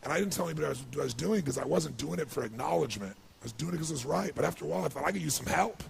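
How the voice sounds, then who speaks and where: A man telling an emotional story to a seminar audience, building to excited outbursts. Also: on the high side, racing, creaky, slight background noise. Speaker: motivational speaker. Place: large seminar hall with audience.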